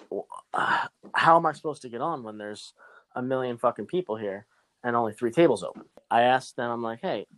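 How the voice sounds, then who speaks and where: A man's voice: medium pitch, no echo. Young guy ranting about losing at the casino, cursing nonstop, dead dry sound. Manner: profane, animated storytelling. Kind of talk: casual storytelling chat.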